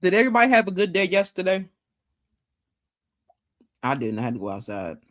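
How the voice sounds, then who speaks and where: A woman's voice: on the low side, fairly quick. A woman hosts a casual livestream, chatting loosely with her viewers. Her voice swings up and down a lot as she talks. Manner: chatty and animated, talking to chat. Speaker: livestream host.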